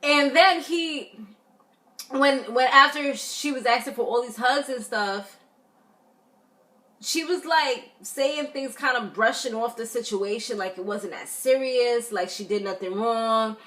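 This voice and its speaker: Woman vlogger, casual recap; animated, blunt, filler-heavy delivery. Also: a little high, a little slow. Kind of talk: casual review chat.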